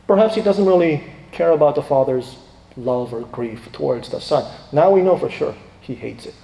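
A man with a high, mellow, gravelly voice preaches a sermon that carries through a large reverberant hall. He alternates between loud, emphatic questions and hushed, quiet asides.

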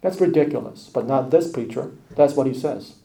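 A man preaching a sermon emphatically, with hushed asides. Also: mid-range voice, moderate pace, gravelly. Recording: echoey room.

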